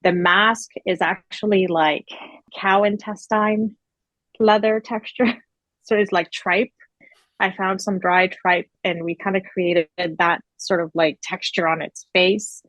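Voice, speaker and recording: A woman's voice: mid-range voice, fairly even intonation, slow pace, fairly bright tone, no room sound, poor audio. A woman working as a costume designer, chatting casually in an interview, full of filler words and easy laughs.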